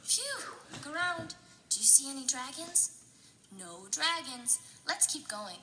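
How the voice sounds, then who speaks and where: A woman leading a children's storytime, chanting and coaxing her young listeners along in an animated, sing-song way. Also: sits high, unhurried, heavy background noise. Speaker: children's librarian.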